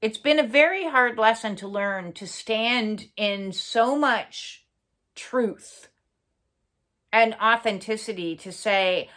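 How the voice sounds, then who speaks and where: A woman giving an earnest, reflective personal monologue for her own channel. She pauses often, fills gaps with "uh" and swears bluntly for emphasis. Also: a little high, fairly bright tone. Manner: earnest, halting, many fillers and pauses. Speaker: spiritual channel host.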